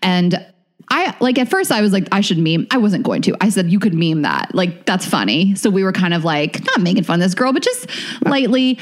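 A woman's voice: medium pitch, fairly quick. A woman comedian, a guest on a podcast, telling a story casually and acting out what people said, with lots of "like". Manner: animated, fills talk with "like", acts out quotes.

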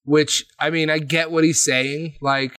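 Recapping a tabletop game session on a podcast, this man is animated, swears often and performs other players' lines. His voice runs high and a little slow, recorded without echo.

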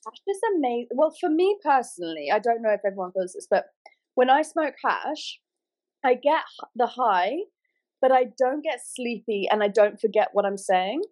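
A woman's voice: on the high side, expressive, normal speed, a little mellow, poor audio. A woman from England co-hosting a casual podcast chat, bubbly, laughing often and swearing casually.

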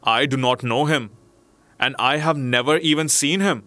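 A man's voice: mid-range voice, moderate pace, bright, forceful tone, no echo, natural voice. A man voicing a terrified male merchant in a storybook reading, pleading with trembling urgency. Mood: bewildered. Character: terrified male merchant begging for his life.

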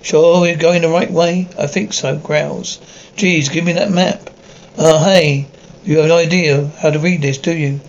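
A man's voice: on the high side, steady tone, unhurried, dull audio, a little hiss or hum. A man reading a horror story aloud, voicing every part and reading the stage directions. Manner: reads stage directions aloud between voices. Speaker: narrator reading a horror story with all parts.

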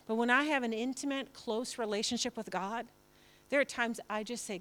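A woman pastor preaches to her church with a bright, high-pitched voice. She talks in a conversational, emphatic way. She often slips into acted-out quotes. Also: moderate pace. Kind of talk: sermon.

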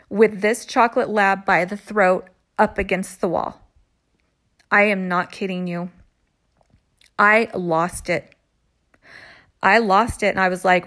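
Slow-talking woman telling a personal story. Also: mid-range voice, fairly bright tone, no echo, studio quality. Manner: slow, unhurried, with sighs and trailing pauses.

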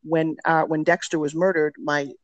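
A woman's voice: deep voice, little pitch movement, moderate pace, dry recording, muffled recording. A middle-aged woman telling candid stories as a podcast guest, talking with energy and emphasis. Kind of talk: podcast interview storytelling.

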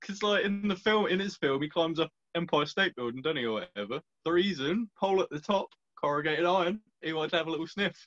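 A young man trades playful banter in a casual chat. His voice is a touch high. The recording sounds dull and somewhat lo-fi. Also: fast talker, hardly any pauses, a bit bright.

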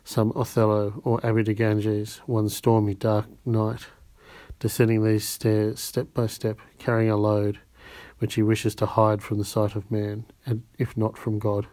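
A man voicing a calm, insinuating count as he reads a novel aloud. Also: fairly low pitch, a little slow, dry recording, lightly acted.

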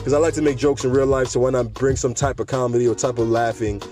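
A man's voice: medium pitch, steady tone, fast, warm tone, soft background music. A man hosting a podcast in a laid-back, joking monologue. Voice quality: laid-back and joking, laughs between lines. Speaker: podcast host.

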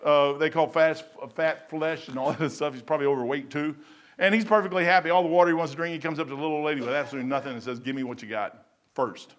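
A man preaching a casual sermon, rambling and folksy as he tells stories and reads scripture slowly. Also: a little high, steady tone. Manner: reads scripture slowly, then trails off quietly.

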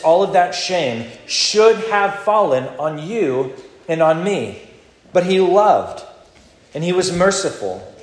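Fervent pastor in an echoing sanctuary. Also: male voice. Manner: fervent, emphatic, swings between loud declarations and quiet low asides. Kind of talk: communion sermon and prayer.

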